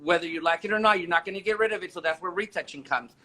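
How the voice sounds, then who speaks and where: A man's voice: sits high, very fast, pushed and bright, a little hiss or hum. A man in his forties talking as an interview guest, enthusiastic and rambling with many restarts. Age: 40s. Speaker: interview guest, makeup artist and photographer. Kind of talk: casual interview chat.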